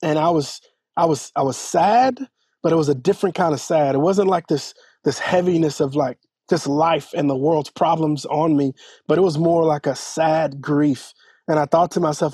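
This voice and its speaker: Husky earnest man sharing testimony. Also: a little high, warm tone, dry recording. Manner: halting and earnest, many restarts. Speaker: church elder and podcast guest. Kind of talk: personal testimony in an interview.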